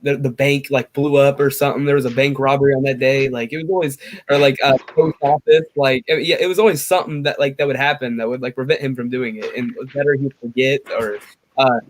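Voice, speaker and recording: A man's voice: medium pitch, fairly even intonation, fast talker, a little hiss or hum. A man in a casual podcast chat, telling a story in a rambling way, full of "like.".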